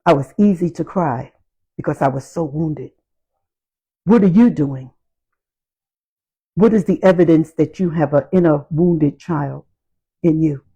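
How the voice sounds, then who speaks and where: A woman giving a motivational talk on healing, speaking in slow, emphatic, repetitive phrases. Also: low voice, dark tone, breathy edge, low-quality recording.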